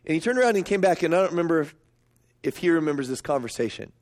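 Middle-aged guy preaching, high voice, tells stories and gets worked up. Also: racing. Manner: storytelling, emphatic, rising to high excited pitch. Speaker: pastor. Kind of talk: sermon.

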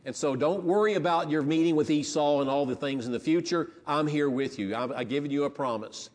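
A man's voice: fairly high pitch, a little fast, in a large hall. A pastor preaching a sermon in a conversational way, often restarting his phrases.

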